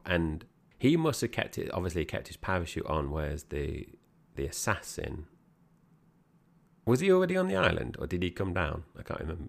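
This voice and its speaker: A man co-hosting a casual film podcast. His voice is very deep and gravelly. He talks in a chatty, friendly way and calls his co-host "mate". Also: big pitch swings, moderate pace.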